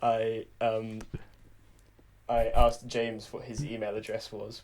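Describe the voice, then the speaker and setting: A young man co-hosts a casual podcast in an easygoing voice. He teases his friend and tells a prank story with a relaxed drawl. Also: fairly low pitch, slow, slight background noise. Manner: laid-back, teasing. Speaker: podcast co-host. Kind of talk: casual chat.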